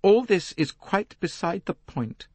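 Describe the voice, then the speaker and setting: A man's voice: on the high side, big pitch swings, normal speed, husky, dry recording, voice pushed up, exaggerated voice. A man reading an audiobook voices a proud, defensive rich young English woman, clipped and indignant.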